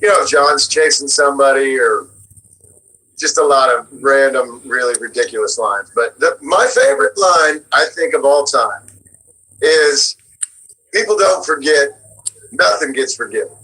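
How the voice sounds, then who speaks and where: A man who is a guest voice actor, chatting casually in an interview and telling lively stories with frequent laughter. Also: medium pitch, unhurried, low-quality recording. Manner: animated storyteller, laughs often.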